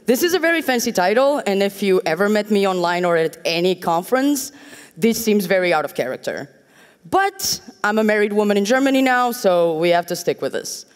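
A woman's voice: mid-range voice, sing-song, brisk. A woman from Portugal giving a conference talk on a stage, joking and candid with wry asides. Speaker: conference speaker. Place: large conference hall. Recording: hall reverb from a stage.

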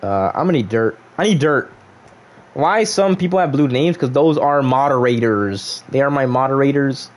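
A man's voice: mid-range voice, expressive, normal speed. A young man casually chatting on a gaming livestream, reading viewers' chat aloud and joking back at them.

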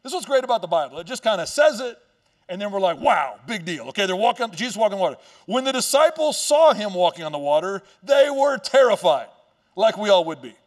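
A male pastor with a high voice preaching in a loose, joking storyteller manner. He turns the story over with quick asides and playful lines. His voice sounds a little away from the mic. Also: big pitch swings, distant mic. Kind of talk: sermon. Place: church stage.

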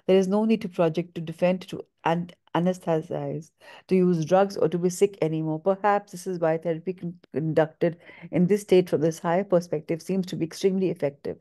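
A woman reading a book aloud in a measured, steady way, with small stumbles. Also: on the low side.

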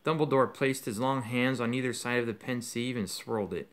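A man's voice: medium pitch, brisk. Man reading a novel aloud expressively. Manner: expressive storytelling. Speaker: audiobook reader.

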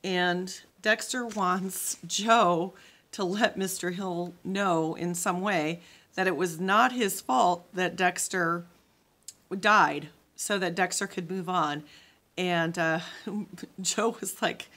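A woman teacher reading a children's chapter book aloud to her class, animated and expressive. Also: fairly low pitch, slow pace.

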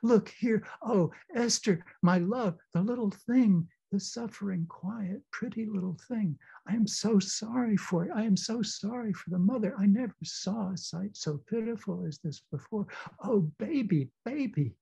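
A man's voice: sits high, moderate pace, creaky, hardly any pauses, slightly rough, pitched above the performer's own voice, full character voice. A man voicing a tender weeping young woman. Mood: tender grief. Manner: tearful, pleading, softly compassionate. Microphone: video call. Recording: dull lo-fi video call audio.

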